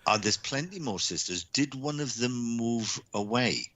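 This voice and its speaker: A man giving live psychic readings on a stream, speaking haltingly with lots of repeated words and restarts. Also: mid-range voice, expressive, pushed and bright, no echo. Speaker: psychic reader.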